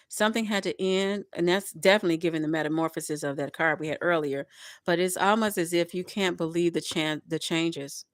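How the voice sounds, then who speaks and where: A woman giving a casual tarot reading to her viewers, chatty and expressive, often laughing and speaking to spirit. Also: sits low, dry recording, studio quality. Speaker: tarot reader.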